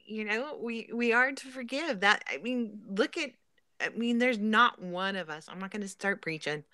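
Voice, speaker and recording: A woman chatting earnestly on a live stream, giving gently preachy, faith-centred advice. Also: medium pitch, moderate pace, dry recording, studio quality. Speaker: guest in a live chat. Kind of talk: casual chat.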